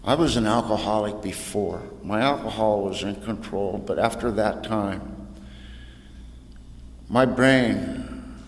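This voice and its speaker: A man's voice: on the low side, slow pace, pauses often. A man from California telling his own recovery story at an AA meeting in a folksy, storytelling way, dropping "man" and "you know" as he goes. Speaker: AA speaker. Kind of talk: personal recovery talk. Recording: echoey hall, faint room noise.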